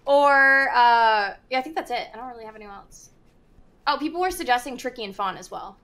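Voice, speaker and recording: A woman's voice: on the high side, fairly quick, a bit bright. A woman talking casually on a stream, chatty and hedging, laughing between remarks.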